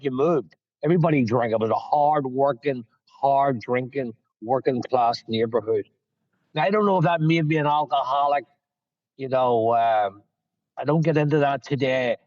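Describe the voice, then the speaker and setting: A man's voice: mid-range voice, moderate pace, a little mellow, dry recording, dull audio. A man from Northern Ireland with a Northern Irish accent, a guest speaker telling his recovery story frankly, sitting in his parked car. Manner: candid, storytelling, self-mocking. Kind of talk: personal recovery talk.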